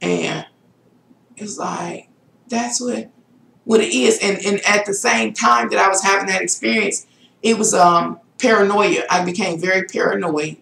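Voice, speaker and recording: A woman's voice: a little slow, gravelly, fairly bright tone. Middle-aged woman vlogger, casual rambling storyteller, echoey room. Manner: rambling, with shrill exclaimed self-quotes. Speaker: spiritual vlogger.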